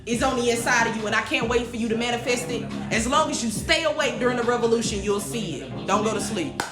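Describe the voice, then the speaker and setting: A woman's voice: a little high, quick pace, over music. A woman hosting a weekly livestream, giving an encouraging message in a casual, emphatic way, repeating her phrases and chatting back to viewers' comments. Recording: echoey room.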